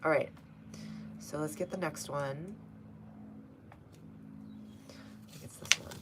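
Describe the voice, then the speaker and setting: This young Texan-accented host from North Texas takes things slowly in a low-pitched voice while streaming a casual gardening show from her home's front garden outdoors, with background noise audible. She's easygoing and talkative, laughing often and answering viewers by name.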